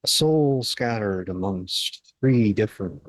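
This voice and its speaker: A man running a tabletop horror game as game master, narrating in a slow, measured, grim way. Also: lowish voice, lively intonation, no echo.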